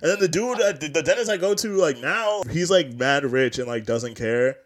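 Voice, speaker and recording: A man's voice: a little high, lively intonation, moderate pace. A young man co-hosting a podcast, talking in a loose, rambling, profane way and laughing often. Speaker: podcast co-host. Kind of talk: casual chat.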